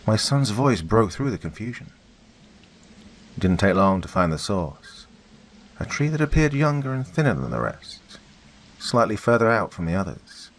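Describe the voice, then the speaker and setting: A man with a very deep voice reads a first-person horror story aloud. He keeps a steady, grave delivery. A faint hiss sits under the recording. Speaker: narrator. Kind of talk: scripted horror narration.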